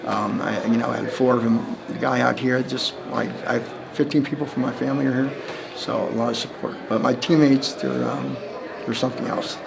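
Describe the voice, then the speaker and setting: A man's voice: medium pitch, steady tone, a little fast, vocal fry, a crowd in the background. A man in his fifties from New Jersey, a Hall of Fame inductee, answering press questions with long, rambling stories and quoted dialogue. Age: 50s. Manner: rambling storyteller who acts out quoted voices and laughs between lines. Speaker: Hall of Fame inductee, former running back.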